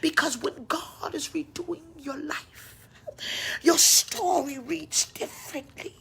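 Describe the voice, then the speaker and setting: A woman pastor crying as she preaches an impassioned sermon, swinging between whispers and cries, with breathy asides. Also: high voice, slow, fairly bright tone. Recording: faint background noise, livestream.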